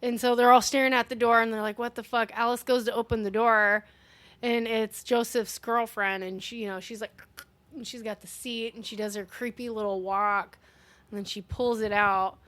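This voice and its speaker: A woman's voice: on the high side, fairly even intonation, normal speed, a bit bright, no room sound. A woman co-hosting a casual movie review, rambling through a plot recap with lots of swearing and fillers. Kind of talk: casual chat recapping a film.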